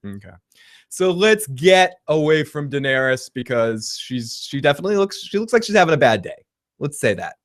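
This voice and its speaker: A man's voice: medium pitch, animated, normal speed. A man hosting a casual reaction livestream, rambling and joking, swearing freely and laughing often as he reads viewer comments. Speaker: livestream host.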